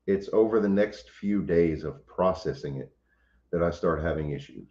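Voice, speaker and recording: Deep-voiced man, casual livestream. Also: moderate pace, warm tone. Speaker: homestead channel host. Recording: roomy, slightly dull sound.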